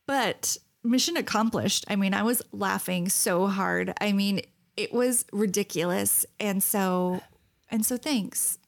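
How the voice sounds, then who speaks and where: In a casual podcast chat, a woman co-host tells stories with lots of laughter, animatedly acting out quotes. Her mid-range voice is gravelly, and she takes her time speaking.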